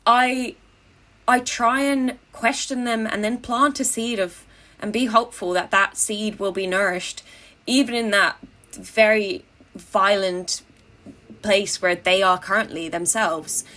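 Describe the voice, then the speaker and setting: A woman's voice: mid-range voice, steady tone, measured pace, bright, forceful tone. A young adult woman telling casual anecdotes in an interview, wry and tongue-in-cheek, with frequent fillers and restarts. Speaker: interviewee, activist.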